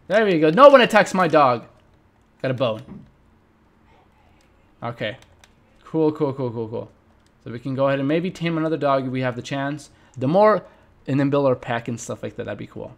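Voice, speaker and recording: Young male let's play host, slightly high pitch, excitable and jokey running commentary. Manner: animated, talks to viewers, reacts loudly to the game; playful, jokes and mock eulogies. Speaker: gaming channel host.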